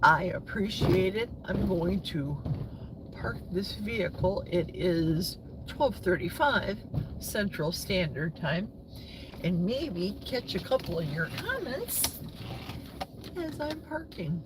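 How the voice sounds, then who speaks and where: A talkative American woman in her sixties rambles to her live-stream viewers from a parked car. She speaks slowly, and her pitch swings lively from high to low. Clear car noise hums underneath, picked up by her phone. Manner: chatty, rambling, talks back to viewer comments. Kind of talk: casual live-stream chat. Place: parked vehicle. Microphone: phone held in the car. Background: vehicle noise.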